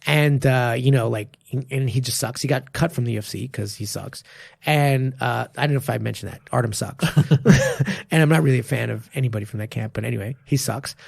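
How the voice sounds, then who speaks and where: A male martial arts coach co-hosting a podcast, who talks in an animated, emphatic way with frequent swearing. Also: mid-range voice, fairly quick, vocal fry, breathy edge, no echo, studio quality. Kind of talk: casual podcast chat.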